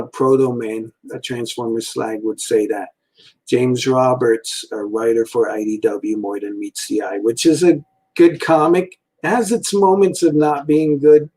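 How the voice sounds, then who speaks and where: A man's voice: medium pitch, a little mellow, husky, rough recording. A man in his forties giving a casual, meandering rant from a room at home, full of fillers and frequent chuckles. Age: 40s. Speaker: toy and cartoon reviewer.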